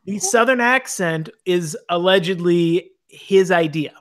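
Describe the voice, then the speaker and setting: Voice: mid-range voice, a little slow. A podcast co-host chatting casually in a movie review, rambling with many restarts.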